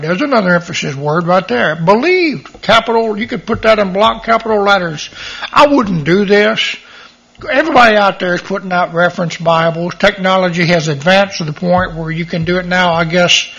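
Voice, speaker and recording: Middle-aged male Bible teacher, high husky voice, dull lo-fi recording, reads verses and leans on key words. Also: moderate pace, a bit bright. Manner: reads scripture aloud and stresses key words.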